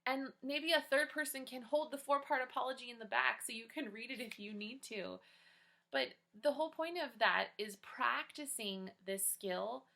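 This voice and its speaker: A woman with a slightly high, bright, forceful voice and some vocal fry teaches children in a video lesson from home. She gives them a daily check-in, upbeat and encouraging, chatting with the kids.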